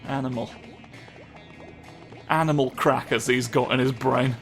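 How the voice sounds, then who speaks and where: A man with a gravelly, creaky voice riffs through his playthrough in a loose, joking way, cursing freely as he goes. Loud game music plays behind him. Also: mid-range voice, steady tone, a little slow. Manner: rambling, jokey, swears often. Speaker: let's play host. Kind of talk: casual gameplay commentary.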